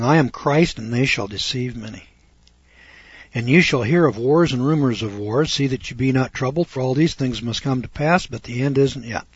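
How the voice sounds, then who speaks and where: Older male radio Bible teacher, husky and folksy, dry close sound. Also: medium pitch, no room sound. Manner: folksy, chatty, rhetorical questions. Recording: dull dry lo-fi recording.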